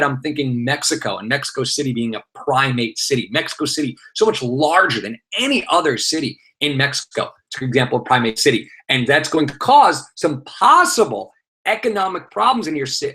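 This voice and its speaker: Animated male teacher, bright and slightly high voice, energetic live review. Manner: energetic, animated delivery with fillers and playful asides. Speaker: teacher leading an exam review. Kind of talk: live online review session.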